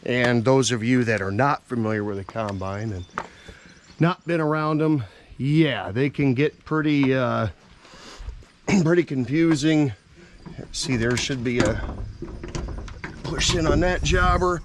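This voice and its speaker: A man's voice: medium pitch, unhurried, pauses often. A plainspoken man with a lilt, talking his way around farm equipment as an auctioneer, full of easygoing fillers. He's recorded outdoors on a camera mic, with a faint hum of clicks and machinery behind him. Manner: folksy, plainspoken, thinking aloud with fillers. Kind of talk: casual walkaround commentary.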